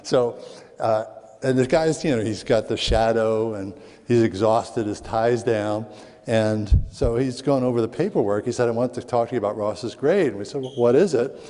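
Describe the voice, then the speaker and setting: A middle-aged man from Southwest Philadelphia, a speaker on parenting, telling lively stories to an audience and acting out voices in quotes. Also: mid-range voice, normal speed. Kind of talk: storytelling talk to an audience. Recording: long hall reverb.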